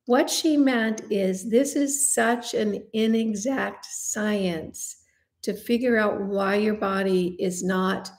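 Woman, 50s, channel host; friendly, confiding Q&A delivery, mid-range pitch. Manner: chatty, confiding, self-deprecating asides. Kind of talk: casual Q&A chat to camera.

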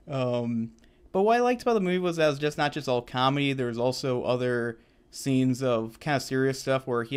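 Male co-host, casual film chat, smooth clear tone, rambling and upbeat. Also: medium pitch. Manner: rambling, enthusiastic, laughs often. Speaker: co-host reviewer. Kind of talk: casual unscripted movie review chat.

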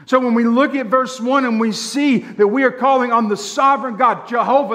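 A man's voice: extremely high pitch, a bit bright. A man preaching a sermon to a congregation, emphatic and drawing out key phrases, often asking them rhetorical questions. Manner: emphatic preaching with slow drawn-out lines. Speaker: pastor. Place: church sanctuary. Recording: long church hall reverb.

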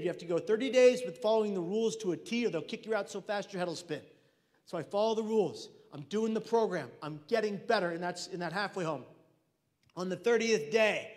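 A man telling a comic personal story at a speaking event, acting out voices of the people in it. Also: high voice. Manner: animated, comic, acts out voices of others. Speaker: mental health speaker. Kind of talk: storytelling keynote talk. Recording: reverberant hall.

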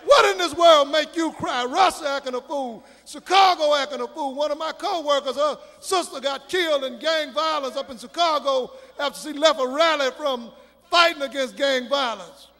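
A man preaching a sermon, swelling into shouted, sing-song preaching cadence, with a gravelly voice. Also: very high voice, moderate pace. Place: church sanctuary. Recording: reverberant church hall with faint congregation.

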